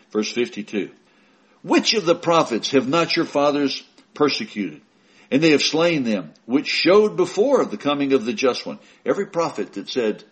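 A man preaching a sermon, emphatic, swinging from loud raised stresses to quiet asides, reading scripture in slow weighty bursts. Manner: emphatic, rising to stress key words and dropping low for asides.

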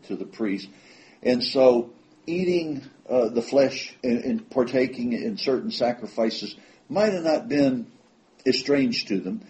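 Mellow-voiced man preaching a sermon. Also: mid-range voice. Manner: slows down and leans on quoted scripture for emphasis; conversational, with fillers and repeated words. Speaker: pastor.

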